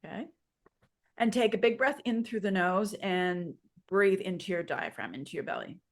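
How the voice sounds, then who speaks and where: Woman, yoga teacher, podcast co-host, explanatory, leads with questions, mid-pitched voice. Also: lively intonation, moderate pace, creaky. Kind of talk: instructive podcast chat.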